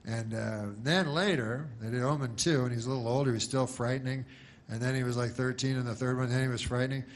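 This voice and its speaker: A man doing a rambling, deadpan stand-up routine, full of pauses, restarts and asides. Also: medium pitch, a little hiss or hum. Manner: mocks a pushy announcer in loud bursts. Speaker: comedian.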